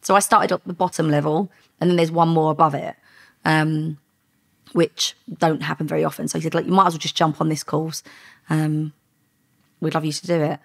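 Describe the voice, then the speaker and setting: A middle-aged woman, a former undercover police officer, telling lively stories in a podcast interview and acting out the dialogue. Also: sits low, a little fast, creaky. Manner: lively anecdotes with quoted dialogue, frequent laughs.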